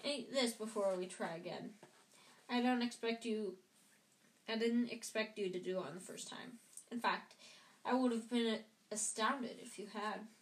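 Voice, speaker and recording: A woman's voice: a little high, unhurried, natural voice. A woman voicing a kindly male wizard teacher, explaining patiently in a home reading. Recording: roomy echo.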